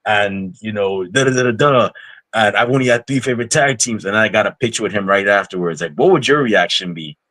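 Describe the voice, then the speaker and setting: Low-voiced rambling male podcast host. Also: fairly quick, fairly bright tone, rough recording. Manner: rambling, fills with "you know" and repeats words. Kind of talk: casual interview chat.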